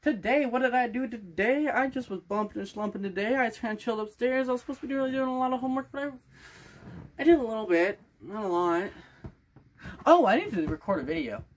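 A sixteen-year-old boy chats to the camera in a casual vlog, rambling playfully in a loose put-on accent. His voice is extremely high-pitched and animated, and a bit fast.

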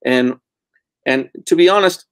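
A man's voice: medium pitch, unhurried, no echo. A middle-aged man from Africa, a record producer telling candid, blunt stories as a guest in a casual interview and swearing freely. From South Africa.

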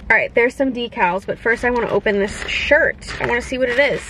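Excitable high-voiced young woman vlogger. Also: a little fast, slight background noise, rough recording. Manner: gushing, excitable, gasps often. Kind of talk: casual unboxing chat.

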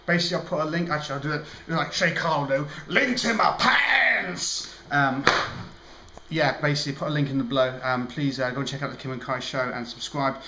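A man's voice: mid-range voice, level tone, racing, hardly any pauses, a bit bright. Tired young guy rambling on his vlog, lots of ums, echoey room, bit of hiss. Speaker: vlogger, show co-host. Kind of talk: casual vlog chat. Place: home indoors.

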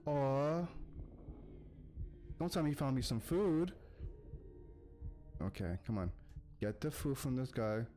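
A man from the United States giving excitable gameplay commentary, talking to the characters on screen and chanting quick urges to keep going. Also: medium pitch, soft background music. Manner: excitable, talks to the game characters, chants urgent repeats. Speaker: gaming YouTuber.

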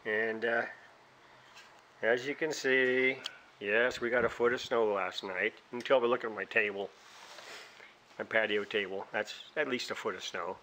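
A vlogger rambles through a casual home video outdoors in his snowy yard, chatting to his dog in a high sing-song voice. His voice is steady and sharp at a normal speed with long pauses, he's cold with freezing fingers, and there's slight background noise.

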